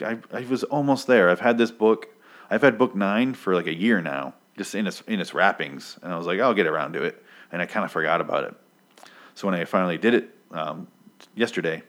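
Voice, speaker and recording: A man's voice: deep voice, a bit bright. A young man hosting a podcast, recapping a comic book in a casual, rambling way with lots of fillers and swearing. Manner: rambling, profane, full of fillers. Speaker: podcast host.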